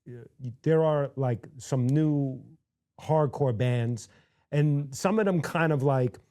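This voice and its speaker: A man's voice: medium pitch, slow, warm tone. A man hosting an interview show, asking questions casually with eager, affirming interjections. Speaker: podcast host.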